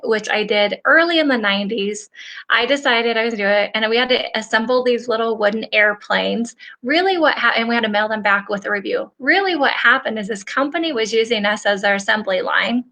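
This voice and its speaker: A woman's voice: a little high, brisk, pushed and bright. A woman in her forties, a nail technician hosting a casual livestream, chatting in a rambling, upbeat, motivational way while reading viewer comments. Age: 40s.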